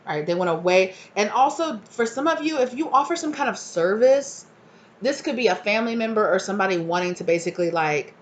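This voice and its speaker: A woman's voice: medium pitch, expressive, fast, a little hiss or hum. A woman giving a casual tarot reading, chatting freely and acting out the people she describes in exasperated voices. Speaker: tarot reader.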